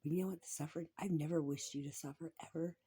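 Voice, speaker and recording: A woman's voice: sits low, fairly even intonation, fast talker, mellow, slightly rough. A woman talking in a rambling personal monologue, repeating herself, swearing freely and sometimes dropping into a whisper.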